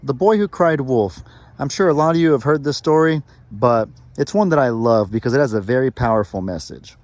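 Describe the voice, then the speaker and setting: A man's voice: medium pitch, lively intonation, brisk, darkish tone, no echo. A man who is a farmer vlogger, telling a story in a chatty, folksy way with frequent self-corrections. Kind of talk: casual storytelling vlog.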